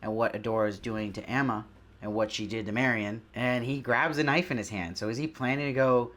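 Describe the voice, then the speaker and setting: A man's voice: medium pitch, steady tone, fairly quick, a bit bright. Enthusiastic male TV reviewer. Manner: enthusiastic, conversational, asks the audience questions. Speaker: TV reviewer, show host. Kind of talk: casual spoken episode review.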